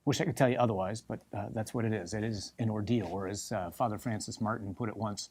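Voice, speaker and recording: Husky-voiced priest preaching emphatically. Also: male voice, fairly low pitch, fast talker, few pauses. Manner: animated, emphatic preaching with repetitions. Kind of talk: sermon.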